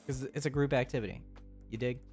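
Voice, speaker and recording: A man's voice: medium pitch, fairly even intonation, fast talker, darkish tone, faint music behind. A young man live-streaming who chats loosely and jokingly with his viewers, rambling and often laughing. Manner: rambling, joking, answers chat with frequent laughs. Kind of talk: casual live-stream chat.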